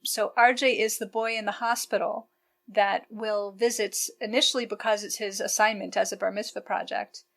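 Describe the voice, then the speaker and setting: A woman hosting a podcast interview, explaining things in a warm way for listeners. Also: medium pitch, fairly even intonation, normal speed, vocal fry. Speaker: podcast host.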